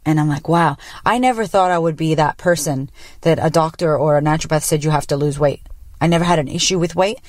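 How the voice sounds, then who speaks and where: A woman's voice: deep voice, quick pace, dry recording. Blunt, profane woman host, dry sound. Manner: blunt, profane and animated storytelling. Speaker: podcast host. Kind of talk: casual personal monologue.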